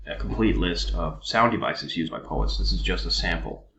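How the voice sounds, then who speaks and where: A man teaching a recorded poetry lesson, explaining step by step in an unhurried way with frequent ums and uhs. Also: sits low, fairly bright tone, roomy sound, muffled recording, a little hiss or hum.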